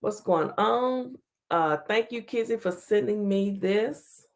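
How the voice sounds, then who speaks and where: A woman's voice: mid-range voice, slow pace. A woman hosting a casual livestream talk show, chatting and greeting viewers by name.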